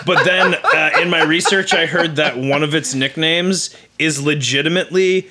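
A man co-hosting a podcast in casual chat, playful and quick with jokes. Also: a little high, sharp tone. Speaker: podcast co-host.

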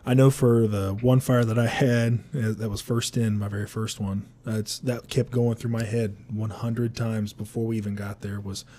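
A man hosting an interview, a firefighter who talks in a relaxed, conversational way and laughs easily. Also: lowish voice, normal speed, hardly any pauses. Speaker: firefighter podcast host. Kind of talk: casual interview.

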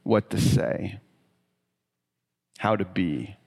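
A middle-aged man giving a sermon in a relaxed, conversational way, telling stories about himself and letting his voice drop softly at the ends of thoughts. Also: low voice, vocal fry, husky. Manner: conversational, self-deprecating storytelling with soft, trailing pauses. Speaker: pastor.

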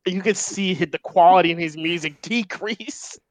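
Animated man in casual podcast chat. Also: high-pitched, moderate pace, dry recording. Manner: animated, blunt, laughs often. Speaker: podcast co-host.

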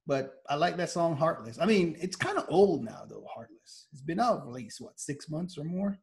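A man's voice: fairly high pitch, expressive, normal speed, gravelly, slightly rough. A man hosting a podcast in laid-back casual chat, filling his talk with "like" and "you know" and laughing often. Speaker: podcast host.

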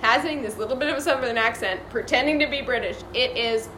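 A woman's voice: a little high, fast talker, reverberant, background noise. A woman co-hosting a casual podcast chat, talking freely and laughing often. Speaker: podcast co-host.

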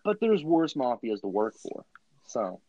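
Lively young man with absurd jokes, dry lo-fi mic. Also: medium pitch, measured pace, no room sound. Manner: absurd deadpan jokes, rambling tangents. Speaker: podcast co-host. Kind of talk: casual chat.

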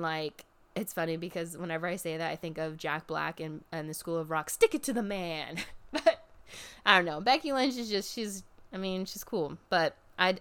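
In a relaxed chat about a wrestling event she watched, a young woman speaks smoothly and with plenty of life. Her quotes of other people come out in high, mocking tones.

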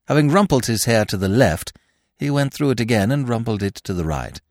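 A man narrating a classic story with an expressive reading. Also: mid-range voice, brisk, no echo, clean studio sound. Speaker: podcast narrator. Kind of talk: scripted narration.

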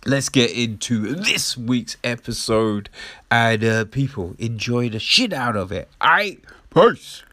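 A man, hosting a podcast in a rambling, profane, animated monologue while his nose is blocked. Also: mid-range voice, slow pace, no room sound. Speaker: podcast host. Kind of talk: casual storytelling monologue.

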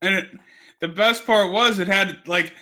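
A man's voice: high-pitched, a little slow, sharp tone. A man co-hosting a podcast, telling a rambling story in casual chat, swearing constantly. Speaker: podcast co-host.

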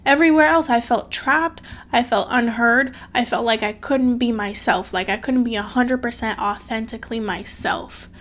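A woman talking to her camera, telling a personal story in an earnest, emotional way, full of "like" fillers and repeated phrases, close to tears at times. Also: a little high. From outside the US. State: tearful at times. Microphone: phone or camera.

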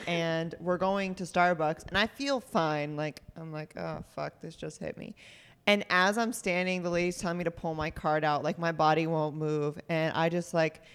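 A woman's voice: lowish voice, clean tone, in a large hall. A woman in casual chat telling a story, swearing freely and acting out what people said. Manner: swears a lot, lively retelling with quoted lines.

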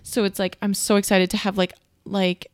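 A woman's voice: mid-range voice, little pitch movement, normal speed, clean tone, no room sound. A young woman chats casually as a podcast co-host, with an easy mid-range voice. She laughs often and drops the odd swear word. The sound is close and dry. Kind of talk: casual chat.

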